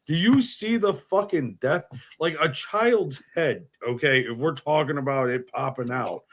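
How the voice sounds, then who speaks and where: A man's voice: on the high side, expressive, a little slow, fairly bright tone. Guy on a podcast, emphatic, keeps going "listen, no" and arguing his point. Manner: emphatic, argues with repeated "listen, no". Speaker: podcast co-host. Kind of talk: casual banter.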